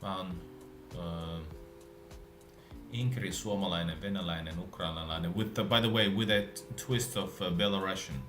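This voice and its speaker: A man from Latvia, Russian as his first language, chats on a live stream from outdoors. His voice sits very low, and he stops and restarts often, slipping into Finnish now and then. The phone recording is echoey, with faint music behind him. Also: fairly bright tone. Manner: halting, restarts often, switches between English and Finnish. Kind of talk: casual live stream chat. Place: outdoors in the city.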